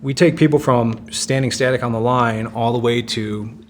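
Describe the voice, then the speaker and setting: Guest: thirties-age man, mid-pitched, energetic and profane storyteller, casual podcast chat. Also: slight background noise. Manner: animated, profane, fast storytelling with frequent "dude" and "man". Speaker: guest, former special operations Marine and firearms instructor. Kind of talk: casual conversational interview.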